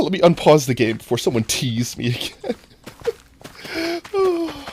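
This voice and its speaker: A live streamer chatting casually to viewers while playing, goofy and rambling, often breaking into high laughter. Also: wildly swooping pitch, a little slow, darkish tone, breathy edge. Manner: talks directly to chat. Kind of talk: casual gameplay stream chat.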